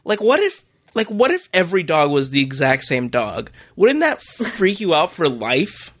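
A man's voice: on the high side, huge pitch swings, moderate pace, a bit bright. Rambling man reviewing a movie. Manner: rambling, incredulous, lots of fillers. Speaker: podcast co-host. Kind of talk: casual movie review chat.

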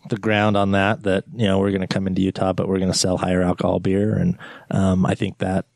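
A low-pitched American man with a gravelly edge chats as a podcast guest. He talks in halting bursts, full of fillers and restarts. His voice sounds dry and close to the mic. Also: monotone, a little mellow, no room sound. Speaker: guest beer writer. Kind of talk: casual podcast chat.

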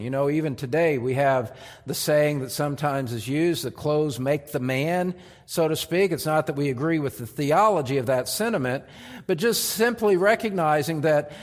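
A man preaching an expository sermon as pastor, emphatic and deliberate, repeating key phrases for weight. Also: fairly high pitch, long reverb tail. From United States. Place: church sanctuary.

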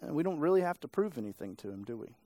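A man's voice: fairly high pitch, big pitch swings, racing, mellow, dry recording. A male pastor preaching a sermon in a casual, conversational way, often checking in with his listeners. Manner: casual, conversational preaching with frequent tag questions. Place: church sanctuary.

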